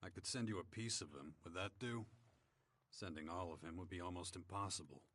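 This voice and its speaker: An actor playing a dry, sarcastic male hero in a video game, speaking deadpan. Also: low-pitched, brisk.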